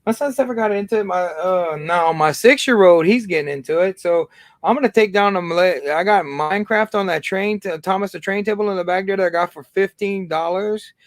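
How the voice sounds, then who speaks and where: A man's voice: sits high, a little fast, dry recording. A man in his thirties hosting a livestream in casual, rambling chat, with lots of fillers and restarts. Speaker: livestream host.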